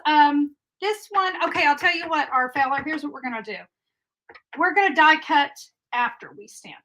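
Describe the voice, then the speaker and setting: A woman's voice: high voice, fairly bright tone, poor audio. A middle-aged woman giving a chatty, upbeat live card-making tutorial and answering viewer comments as she goes.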